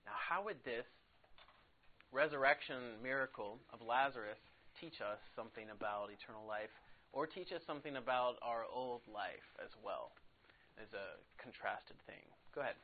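A man's voice: medium pitch, normal speed, a little hiss or hum. A man leading a Bible study class, asking the group questions and explaining in a conversational, increasingly emphatic way. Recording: phone-like narrow sound.

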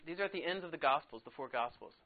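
A man's voice: on the high side, expressive, very fast. Man teaching a Bible class over a tinny line. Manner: chatty, says "like" a lot, laughs easily. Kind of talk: casual Bible lesson to a class. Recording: tinny phone-like sound.

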